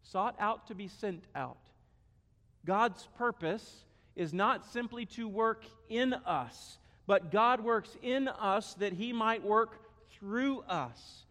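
High-voiced emphatic pastor. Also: male voice, expressive, slow pace, pushed and bright. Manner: emphatic, repetitive preaching. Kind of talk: sermon. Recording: echoey hall.

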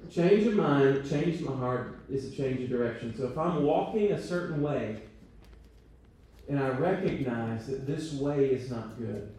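Speaking at medium pitch with lively intonation, a measured pace, and a warm tone, a male church teacher gives a casual training talk, checking in with the room and joking at his own expense. Slight background noise is present, and the church meeting room is very echoey, placing his voice at a distance.

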